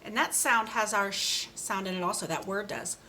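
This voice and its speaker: A woman's voice: medium pitch, sharp tone, slight background noise. Patient woman teaching speech sounds. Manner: slow, patient, exaggerated sound modeling. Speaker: speech therapist. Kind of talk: children's speech lesson.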